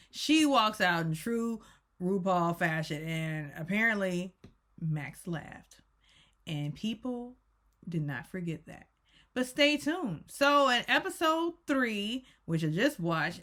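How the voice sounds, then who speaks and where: Woman reviewer with a slightly low voice, casual, rambling, self-correcting recap. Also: lively intonation, unhurried, a bit bright. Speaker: YouTube reviewer.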